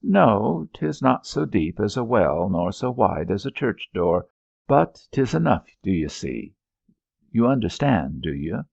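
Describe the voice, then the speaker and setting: A man's voice: on the low side, very animated, measured pace, vocal fry, darkish tone, dry recording, dull audio, full character voice. A man voicing a proud, irritable wounded male soldier who speaks in a curt, peevish way. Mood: testy.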